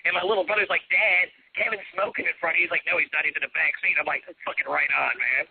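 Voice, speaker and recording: Gravelly, husky, profane storyteller man. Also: fairly high pitch, steady tone, very fast, no room sound. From Florida. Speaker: bass player. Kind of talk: casual talk-radio chat. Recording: tinny phone-like radio audio.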